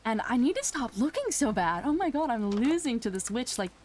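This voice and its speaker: A woman's voice: big pitch swings, fairly quick, a little mellow, slight background noise. A young woman hosting a game video, chatting casually and talking back to the game's creatures in a flustered, exclaiming way. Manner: flustered, talks to the game's mobs, swings from exclaiming to low muttering. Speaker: Minecraft let's play host.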